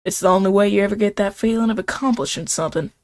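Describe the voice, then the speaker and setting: A woman voicing an earnest old Southern gentleman chef in a put-on American Southern accent, slow and folksy. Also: medium pitch, close to an everyday voice.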